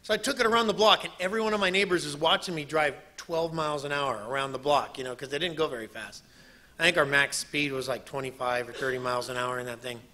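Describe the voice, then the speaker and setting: A man who preaches a sermon, telling a personal story in an animated way and acting out what people said. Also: fairly high pitch, quick pace. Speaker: preacher and missionary.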